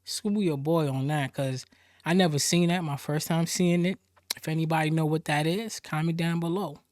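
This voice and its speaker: A man's voice: on the high side, fairly even intonation, moderate pace, darkish tone, dry recording, clean studio sound. A man reacting with amazement to video clips and asking viewers to comment.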